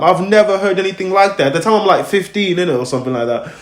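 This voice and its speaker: A man's voice: high voice, very fast, few pauses. Young man telling stories in an echoey room. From Congo, raised in America, now UK. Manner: rambling and animated, acts out voices, heavy slang fillers. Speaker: host. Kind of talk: casual storytelling chat.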